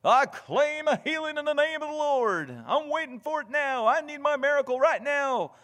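A man's voice: extremely high pitch, animated, moderate pace, fairly bright tone, voice pushed up. A man voicing a demanding believer who insists on a miracle healing right now, in an impatient, insistent tone.

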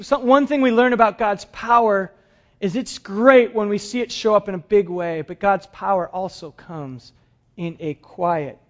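High-voiced man preaching a sermon. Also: dull audio. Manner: dramatic shifts between soft and emphatic delivery. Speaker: pastor.

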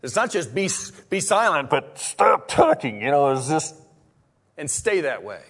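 A man preaching a sermon in a conversational way, full of restarts, swinging from loud exclamations to hushed whispers. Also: a little high, big pitch swings, unhurried. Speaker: pastor.

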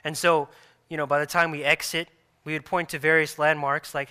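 A man in his thirties, a pastor preaching a sermon earnestly, repeating phrases and restarting softly. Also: on the high side, little pitch movement, fairly quick, clean tone.

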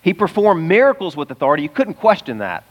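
A pastor preaching a sermon in a conversational, emphatic way, sometimes laughing mid-sentence. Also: male voice, sits high, sing-song, fast talker, muffled recording.

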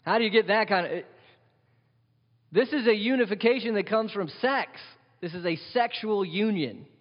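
A man preaching a sermon as pastor, animated and wry, asking the congregation questions. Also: high-pitched, moderate pace, big-room sound, muffled recording. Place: church hall.

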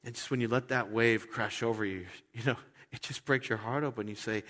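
A man preaching a sermon in an animated, joking way, often repeating words. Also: medium pitch, a little fast, in a large hall. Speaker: pastor.

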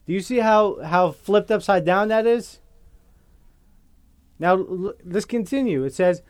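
A man preaching a sermon as pastor, slow and deliberate, often checking in with his listeners by asking "okay?". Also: sits high, animated, no room sound.

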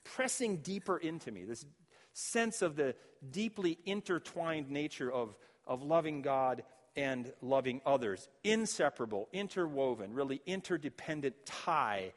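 A man's voice: medium pitch, lively intonation, unhurried, long reverb tail. A man preaching a sermon as pastor, earnest and reflective, often restarting his phrases as he quotes and works through scripture.

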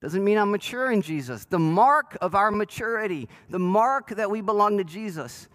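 Pastor, male, high and lively voice, chatty and self-deprecating, asks the room questions. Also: normal speed, rough recording. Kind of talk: sermon. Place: church sanctuary.

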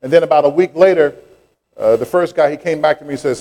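Middle-aged man, pastor, lively sermon storytelling, fairly high voice. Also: fast talker. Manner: animated, rising to preaching fervor.

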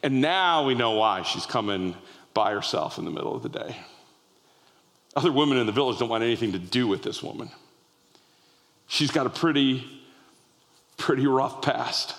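Animated male preacher in a reverberant hall. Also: mid-range voice, normal speed, gravelly, long pauses. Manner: animated storytelling with frequent restarts. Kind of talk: sermon.

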